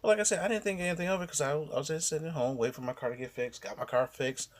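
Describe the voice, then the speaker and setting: A man recounting a personal story straight to camera, loose and rambling, with plenty of cursing and false starts. His voice sits a bit on the higher side for a man. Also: rapid-fire. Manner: blunt and profane, rambling with restarts. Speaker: vlogger.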